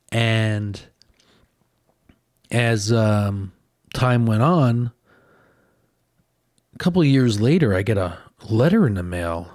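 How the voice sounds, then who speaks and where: A man's voice: medium pitch, dry recording, clean studio sound. A man from northern New Jersey, a podcast host telling a story in a casual, chatty way full of fillers and raised mimicking voices.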